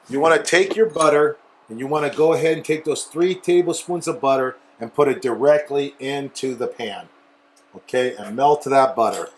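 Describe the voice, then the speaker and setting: A man hosting a cooking show, chatty and instructional, often checking in with okay. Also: fairly high pitch. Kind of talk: casual cooking demonstration.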